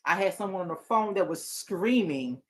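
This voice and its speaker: A woman's voice: lowish voice, expressive, normal speed. A woman hosting a talk show as a therapist, speaking earnestly in a casual, heartfelt way. She often restarts her sentences and breaks into laughter.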